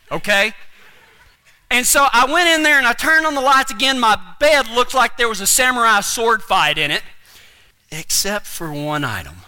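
Animated preacher man. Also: very high-pitched, moderate pace, clean tone. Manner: animated, comic, folksy. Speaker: pastor. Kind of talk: humorous storytelling sermon.

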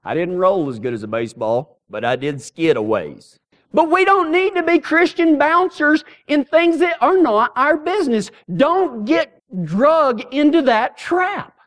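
In a very high voice and a somewhat slow delivery, a middle-aged pastor gives a storytelling sermon full of lively, folksy humor.

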